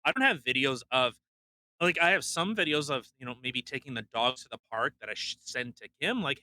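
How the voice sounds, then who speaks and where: A young man co-hosting a podcast, ranting bluntly in casual chat, swearing and mocking people with quick impressions. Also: medium pitch, sharp tone. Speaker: podcast co-host.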